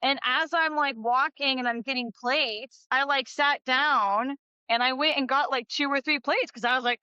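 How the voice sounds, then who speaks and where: A young woman from California chatting as a podcast guest, telling animated stories and acting out the people in them. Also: high voice, moderate pace, no room sound, muffled recording. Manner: animated storyteller, acts out quoted voices. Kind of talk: casual chat.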